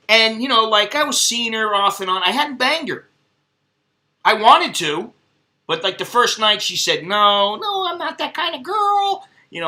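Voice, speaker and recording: A middle-aged man rambles through crude, profane anecdotes in a casual vlog monologue. His voice sits high for a man and has a piercing, tense edge. He talks loosely and freely, with plenty of asides. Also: sharp tone. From United States. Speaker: vlogger.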